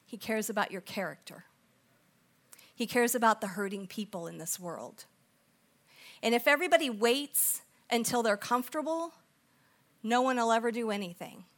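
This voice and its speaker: A middle-aged woman preaching a storytelling sermon, animated and acting out the people in her story, then dropping to soft, intense tones. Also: on the high side, moderate pace, pauses often. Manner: animated, acts out quoted voices, drops to soft intense tones.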